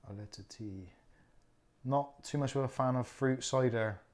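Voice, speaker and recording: A man hosting a relaxed live stream in a loose, jokey way, thinking out loud as he unpacks things. His voice sits at an everyday middle pitch. He is blunt and opinionated in his asides. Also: normal speed, a little hiss or hum. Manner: chatty, jokey, thinks aloud while unpacking. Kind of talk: casual live-stream chat.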